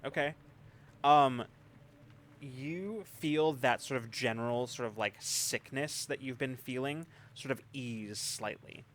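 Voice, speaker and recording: A man narrating as game master of a tabletop role-playing game, relaxed and hesitant. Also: medium pitch, slow pace, a little hiss or hum. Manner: relaxed, hesitant, many fillers.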